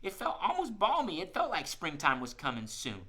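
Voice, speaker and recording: A man's voice: fairly high pitch, wildly swooping pitch, normal speed, sharp tone. A man hosting a live children's music show, playful and coaxing, who often says "y'all" to his young audience. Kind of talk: live-streamed kids' show chat.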